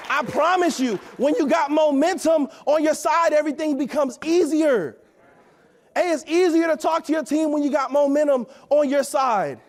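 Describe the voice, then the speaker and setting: Man, thirties, very high pitch, energetic motivational speaker, preachy. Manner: energetic, preachy, keeps asking "right?". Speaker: motivational speaker at a company event. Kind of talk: motivational talk.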